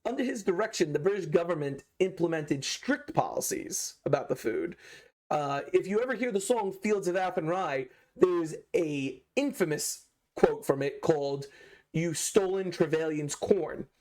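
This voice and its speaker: A man's voice: fairly high pitch, animated, moderate pace, darkish tone. A young man hosting a history video, telling events with sarcastic, mock-incredulous asides.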